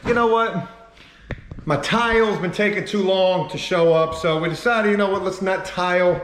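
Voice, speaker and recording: A man talking casually and joking, with plenty of swearing, as he walks through his home renovation for a vlog. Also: fairly high pitch. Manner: laid-back, profane, joking. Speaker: vlogger. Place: house under renovation, bathroom. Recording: echoey room, faint background noise.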